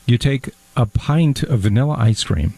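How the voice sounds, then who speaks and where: A man's voice: mid-range voice, expressive, moderate pace, darkish tone, no echo. A man presenting recipes in a comic cooking segment as a patient, dry straight man.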